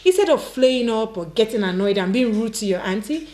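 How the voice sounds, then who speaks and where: Female panel guest, higher pitch, earnest and repetitive adviser, roomy echo. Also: expressive, brisk, a little mellow. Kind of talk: faith-based panel discussion. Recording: echoey room.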